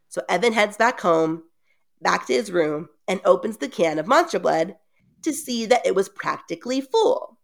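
A woman hosts a podcast and retells a story in casual, chatty fashion, tossing in joking asides as she goes. Her voice sits at an ordinary middle pitch. Faint music plays softly underneath. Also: animated, normal speed, vocal fry. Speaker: podcast host retelling a book.

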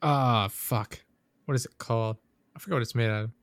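A man's voice: medium pitch, a little fast, a bit bright, no echo. A man in casual chat, rambling and swearing as he vents about a coworker. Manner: profane, venting, rambling storyteller.

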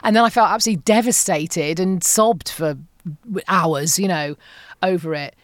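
A woman in her forties, telling her story as a podcast guest in a candid, animated, self-mocking way, with the odd swear word. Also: on the low side, normal speed, dry recording, clean studio sound. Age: 40s.

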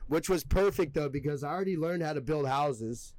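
A man's voice: fairly high pitch, fairly quick, darkish tone, no echo. Young man, podcast guest, casual storytelling, slangy, profane, rambling, dry. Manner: rambling, heavy slang and swearing.

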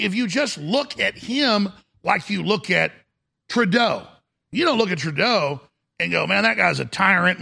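A man's voice: high-pitched, gravelly, sharp tone, breathy edge. A middle-aged man hosting a political talk show, ranting emphatically and calling his listeners folks.

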